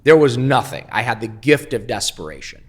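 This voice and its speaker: A male guest on an interview, speaking candidly and bluntly. He swears freely and presses hard on key words while his voice sits at an ordinary middle pitch. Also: big pitch swings, normal speed, slightly rough. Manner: blunt, profane, emphatic. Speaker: guest, entrepreneur.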